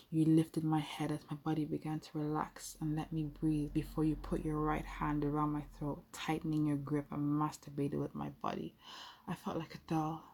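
Young woman, low husky voice, flat delivery, talks right at you in a playful intimate story. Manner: intimate, playful, addresses the listener directly. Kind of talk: first-person audio role-play narration.

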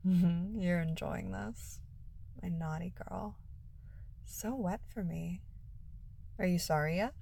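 A woman voicing a domineering male holiday demon who gives commands, sometimes coaxing, in a husky, gravelly voice. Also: on the low side, slow pace, long pauses, full character voice. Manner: commanding, then softly coaxing.

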